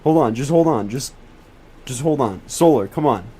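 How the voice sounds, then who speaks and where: With background noise behind him, a teen boy livestreams casually as he tracks storms, speaking at normal speed in a mid-range voice. He's repetitive, sweary and pleading, and breaks into excited outbursts when he sees something.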